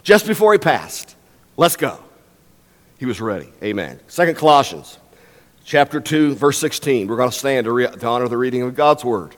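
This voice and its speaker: A man's voice: mid-range voice, very animated, fairly quick. An older man preaching a sermon as a guest pastor in a church, emphatic and varying his pace for effect. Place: church sanctuary. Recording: long reverb in a church hall.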